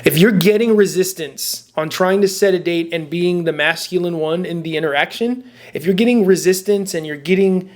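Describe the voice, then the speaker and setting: A man's voice: sits high, normal speed, few pauses. A young man giving dating advice in a casual, blunt, profane rant to the camera, restarting his sentences often. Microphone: camera mic.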